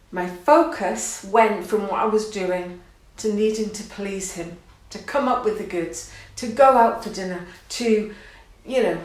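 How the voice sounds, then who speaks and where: Earnest woman in a very echoey room. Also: mid-range voice. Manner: reflective, earnest, laughing and emotional at times. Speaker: art course host. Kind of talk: personal talk to camera.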